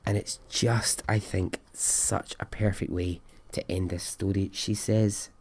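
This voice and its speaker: A man's voice: low voice, flat delivery, slow pace, a little mellow, slightly rough. A man hosting a podcast, telling a story in a casual, rambling way and swearing freely. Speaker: podcast host.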